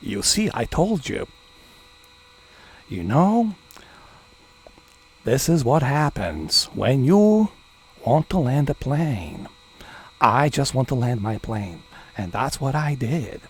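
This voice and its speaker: A man's voice: mid-range voice, sing-song, slow pace, pauses often, slightly rough. A young man casually commenting on his own live gameplay stream, joking, swearing and narrating in a mock-dramatic way.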